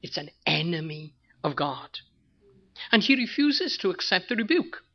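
Preacher, emphatic, rhetorical questions, repeats for weight, mid pitch, muffled lo-fi sound. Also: very animated, moderate pace. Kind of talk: sermon.

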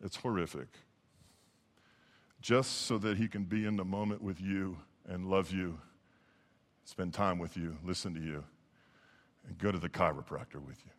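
A man preaching a sermon as pastor, impassioned, swinging from hushed lines to emphatic ones. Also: low-pitched, steady tone, normal speed, pauses often, in a large hall. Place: church sanctuary.

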